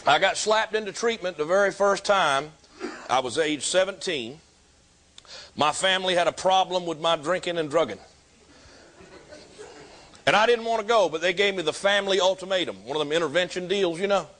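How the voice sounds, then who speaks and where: A man in his fifties giving a personal recovery testimony, an animated storyteller with self-mocking humor. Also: high voice, moderate pace, long pauses, slight background noise.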